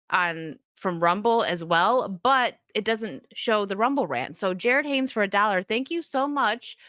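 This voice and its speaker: A chatty woman hosting a casual stream, upbeat and quick to laugh, often restarting her sentences. Her voice is bright and forward, caught close on a dry, dead-sounding mic. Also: on the high side, no echo. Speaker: livestream host reading chat. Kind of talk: casual chat.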